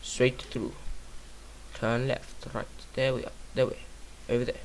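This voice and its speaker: A man's voice: medium pitch, flat delivery, unhurried, slight background noise. A man giving casual let's-play commentary on his own game, rambling and silly, talking to himself and singing nonsense syllables. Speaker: gaming YouTuber.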